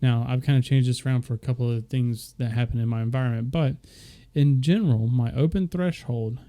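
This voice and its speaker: Very dark-voiced man explaining stream settings. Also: medium pitch, steady tone, brisk. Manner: loose, rambling, talks to viewers directly with fillers. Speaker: streamer explaining audio setup. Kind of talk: casual screen-share tutorial.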